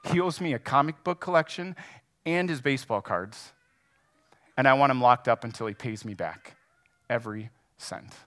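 A man voicing a calm restaurant owner who speaks with compassion and command. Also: medium pitch, normal speed, natural voice. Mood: gentle.

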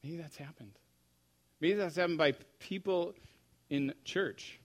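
Animated male preacher, slightly high voice. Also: measured pace. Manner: animated storytelling, shifting from soft to loud. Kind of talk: sermon.

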